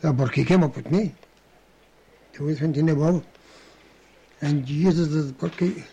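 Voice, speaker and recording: A man's voice: fairly high pitch, measured pace, mellow, highs cut off, a little hiss or hum. An older man, telling rambling anecdotes in an oral history interview, chuckling and restarting as he goes.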